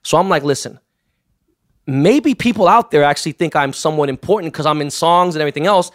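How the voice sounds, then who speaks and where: A man's voice: a little high, quick pace. A man from Los Angeles telling wild, profanity-laced anecdotes in casual chat, acting out the people he quotes. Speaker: guest.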